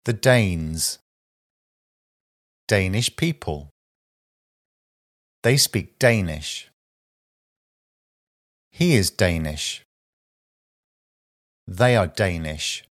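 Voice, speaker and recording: A man reading a vocabulary list aloud as a teacher, slow and deliberate, pausing after each short phrase. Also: sits low, expressive.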